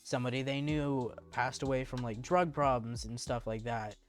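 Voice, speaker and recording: A man's voice: medium pitch, moderate pace, soft background music. A man co-hosting a casual chat, rambling with lots of fillers and frequent laughter. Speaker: co-host.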